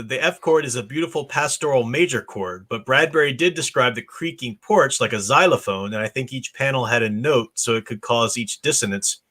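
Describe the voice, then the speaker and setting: An American man hosting a book study, reading passages aloud with expressive dialogue voices and discussing them. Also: mid-range voice.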